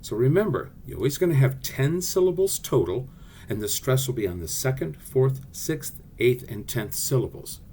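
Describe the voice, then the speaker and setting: Theatre teacher guy doing a class video lesson, friendly, explaining straight to the kids, lots of pitch movement. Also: very animated, moderate pace, mellow, slight background noise. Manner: friendly, explanatory, addresses students directly.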